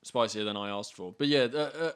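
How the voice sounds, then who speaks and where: A man's voice: fairly low pitch, brisk, clean tone. A man co-hosting a podcast, telling stories in a casual chat and swearing freely. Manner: animated, swearing storyteller. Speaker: podcast co-host.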